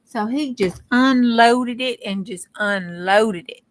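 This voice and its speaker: A woman's voice: fairly high pitch, takes it slowly. A woman telling a folksy story in a dramatic, chatty way. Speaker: craft vlogger.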